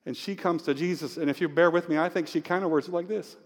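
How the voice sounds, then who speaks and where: A male pastor preaching an Easter sermon with scripture reading, emotional and swinging from hushed tones to near-shouting. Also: a little high, fairly even intonation, fast. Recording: long hall reverb.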